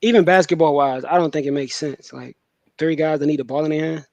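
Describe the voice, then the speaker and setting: A man talking sports on a casual podcast, relaxed and slangy. His voice is a little higher than most men's. It is recorded dry. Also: brisk, dry recording, lo-fi sound. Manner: relaxed, slangy opinion talk.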